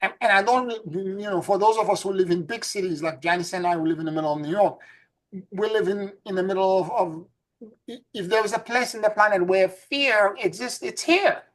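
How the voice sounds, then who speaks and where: A woman's voice: medium pitch, fairly quick. A woman co-hosting a casual spiritual discussion, telling stories with many stammered restarts. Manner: stammering restarts, animated storytelling.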